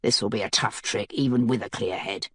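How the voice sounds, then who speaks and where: A grizzled male guard captain growls his blunt warnings, as a woman narrator drops her voice to play him. The voice sits deep and hushed, muttering rather than shouting. It is recorded dry and close. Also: brisk, slightly rough, no room sound, exaggerated voice. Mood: growling.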